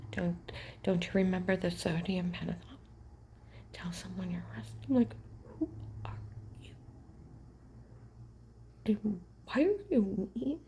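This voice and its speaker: A woman giving an urgent, agitated personal account, often dropping to a hushed whisper. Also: mid-range voice, takes it slowly, long pauses, slight background noise. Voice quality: gravelly, very husky. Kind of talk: personal account told to camera.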